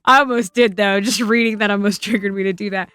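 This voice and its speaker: Young woman streamer, sharp bright voice, rambly, swears a lot, laughs a bunch. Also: medium pitch, steady tone, fast talker, clean tone, dry recording, soft background music. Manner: laughs a lot while talking. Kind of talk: casual chat. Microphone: wearing earbuds.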